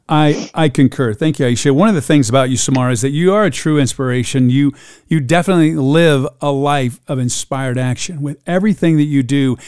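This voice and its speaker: A man's voice: on the high side, a little mellow, clean tone, no echo, clean studio sound. A man hosting a live talk show, praising his guest at length in an effusive way. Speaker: show host.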